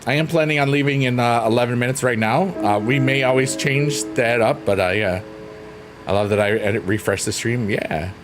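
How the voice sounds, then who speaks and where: A man hosting a relaxed livestream, chatting playfully and reading out messages from his viewers. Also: medium pitch, fairly quick. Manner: playful, silly, rambling, reads chat aloud. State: drained. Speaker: livestream host. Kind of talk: casual chat with live chat readers. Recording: faint piano music underneath.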